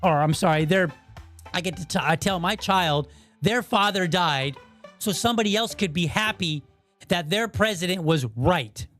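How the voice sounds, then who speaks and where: A man's voice: high-pitched, normal speed, fairly bright tone, soft background music. Blunt ranting male podcast host. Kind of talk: opinion monologue.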